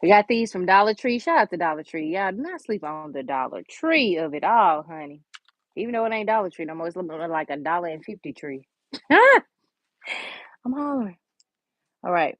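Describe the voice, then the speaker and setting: A woman's voice: fairly low pitch, expressive, fast talker, no room sound. A woman chatting casually through a nail tutorial, talking to viewers as y'all and honey in a folksy, chatty way. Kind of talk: casual how-to chat.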